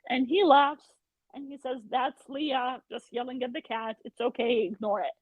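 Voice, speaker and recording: Brief: high, husky woman guest over a thin phone-like line, retelling stories with lively quoted voices. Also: normal speed, no room sound. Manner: animated retelling, acts out quotes. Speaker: podcast guest. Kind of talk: casual storytelling chat. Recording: tinny phone-like remote call.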